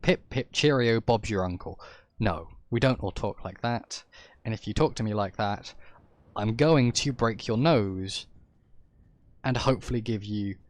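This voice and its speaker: A streamer from England with an English accent rambles through an opinionated, casual livestream rant, correcting himself along the way. His voice is on the low side and a little slow, with no echo.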